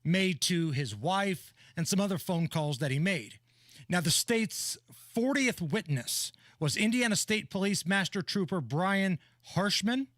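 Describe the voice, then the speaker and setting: A man's voice: high-pitched, expressive, unhurried, a bit bright, no echo, studio quality. A man co-hosting a talk radio show, running through a news update in a methodical, orderly way. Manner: methodical, reads details in order. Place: radio studio. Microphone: studio microphone.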